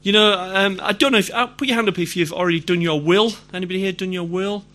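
Bright-voiced Yorkshire preacher, high pitch. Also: male voice, fast. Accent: Yorkshire English. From Yorkshire, England. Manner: conversational, asks the congregation questions. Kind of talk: sermon.

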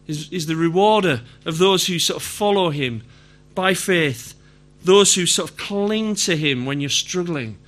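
Bright-voiced Yorkshire preacher, high pitch. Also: male voice, expressive, unhurried, hardly any pauses. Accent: Yorkshire English. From Yorkshire, England. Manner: conversational, asks the congregation questions. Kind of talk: sermon.

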